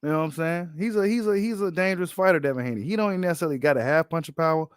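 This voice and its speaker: A man hosting a boxing channel, giving casual, animated reaction commentary full of slang and repeated phrases. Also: a little high, very fast, clear, resonant tone, dry recording, clean studio sound.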